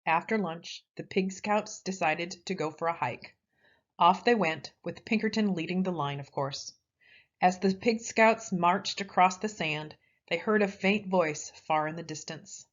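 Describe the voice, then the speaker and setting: A woman reading a children's picture book aloud in a lively, expressive way. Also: on the low side, a little slow. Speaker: storyteller. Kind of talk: children's story read-aloud. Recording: slightly dull lo-fi audio.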